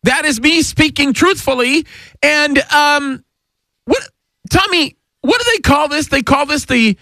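High, bright-voiced preaching man. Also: expressive, unhurried, no echo. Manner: emphatic, preacherly. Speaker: pastor and co-host. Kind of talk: radio ministry talk.

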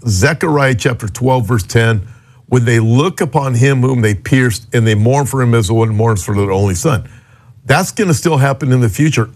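A man's voice: mid-range voice, a little mellow. A man co-hosting a radio ministry show as pastor, talking in an earnest, explanatory, conversational way. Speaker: pastor and co-host.

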